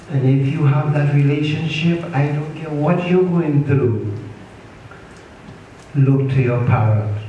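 A man's voice: fairly high pitch, dark tone, a little hiss or hum. A man preaching a sermon as pastor, repeating his lines and asking the congregation to answer back. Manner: preaching with repetition and call-and-response. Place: church sanctuary. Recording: echoey church hall from far off.

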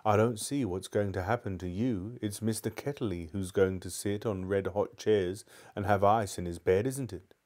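A man voicing a spirited, sharp-tongued young girl who talks primly and sarcastically, in a live book reading. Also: fairly low pitch, moderate pace, hardly any pauses, close to an everyday voice. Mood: tart. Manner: prim, sarcastic.

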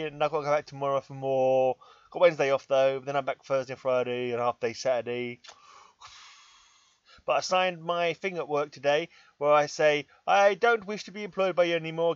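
A middle-aged man with an English accent rambles to his laptop in his room, tired and wryly mocking himself, with sighs and chuckles. His voice sits a touch high. The sound is dull and lo-fi, with a dry, close feel. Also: clear, resonant tone, dry recording. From England. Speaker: vlogger. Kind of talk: casual vlog monologue. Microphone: laptop microphone.

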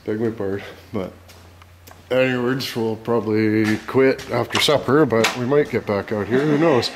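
A man's voice: mid-range voice, normal speed, noisy background. A man, chatting casually and profanely to his vlog camera while driving and tinkering in a workshop. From Canada. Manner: profane, rowdy banter with loud outbursts. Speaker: vlogger.

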